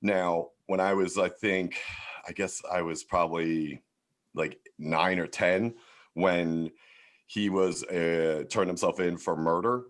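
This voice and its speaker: A man's voice: deep voice, fairly even intonation, slow pace. A man in his forties from Philadelphia, telling stories as a podcast guest in a loose, profane way full of fillers. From Philadelphia, USA. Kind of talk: casual storytelling chat.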